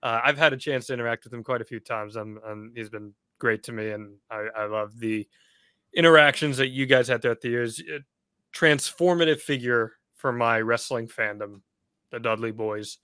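A man co-hosting a podcast, asking questions and reminiscing like an excited fan, laughing easily. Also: mid-range voice, moderate pace, smooth, no room sound, clean studio sound. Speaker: podcast co-host. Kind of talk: casual chat.

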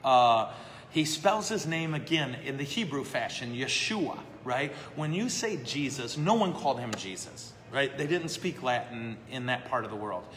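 Hosting a live question-and-answer night at a brewery, this priest has a mid-range, fairly bright voice with lively intonation and a moderate pace. He's casual and self-deprecating, often checking in with "okay?" and "right?", over long reverb and faint background noise.

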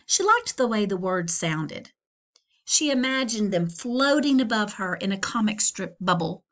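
Woman librarian, story read-aloud for kids, slow, lively pitch, chatty asides. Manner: slow, animated, with chatty asides to young listeners. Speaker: school librarian. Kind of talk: reading a children's novel aloud.

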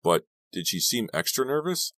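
A man's voice: mid-range voice, big pitch swings, normal speed, fairly bright tone, no echo, voice pushed up. Man as a curt, guarded cop. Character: male police officer, curt, guarded.

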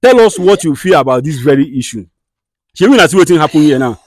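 Nigerian man, skit host; rapid, scolding-then-soothing delivery, dry close sound. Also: a little high, expressive, no echo. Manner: fast, scolding and soothing by turns. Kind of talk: comedy skit with direct address.

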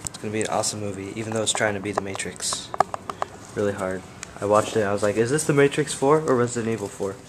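A man's voice: fairly low pitch, steady tone, quick pace, noisy background. Rambling young man vlogging on the go. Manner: rambling and offhand, with many fillers. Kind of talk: casual daily vlog. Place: out and about on a phone camera, indoors and outdoors.

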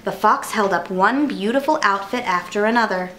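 A woman storyteller reading a children's storybook aloud in an expressive manner. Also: mid-range voice, moderate pace, slight background noise. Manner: animated, expressive.

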